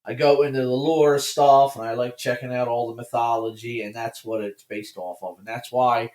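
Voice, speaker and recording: A man, a guest on a podcast, chatting casually and recounting folklore in an even storytelling way. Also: medium pitch, moderate pace, reverberant.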